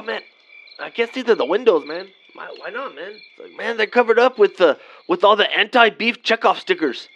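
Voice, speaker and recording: Speaking high-pitched and expressive at a normal clip, a man in his thirties ad-libs a comedy sketch with a laid-back slacker drawl, forever saying "man" and "vato." His tone is fairly bright. The audio is dull and lo-fi, with a faint layer of night sounds.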